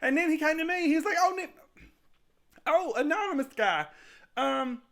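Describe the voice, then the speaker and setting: A man's voice: extremely high pitch, lively intonation, normal speed, fairly bright tone, heavily acted. A man playing a rambling, sheepish servant. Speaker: anonymous servant in a comic interview skit. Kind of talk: comic skit storytelling.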